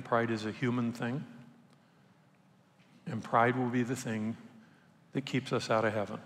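Conversational preacher in a reverberant hall. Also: male voice, medium pitch, a bit bright. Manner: conversational preaching, acts out quoted voices. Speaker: pastor. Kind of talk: sermon. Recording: long reverb from a large hall.

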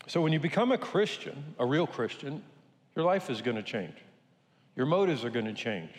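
A man's voice: mid-range voice, sing-song, normal speed. An older man preaching a sermon to a congregation in a conversational, joking way. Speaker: pastor. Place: church sanctuary. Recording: reverberant church hall.

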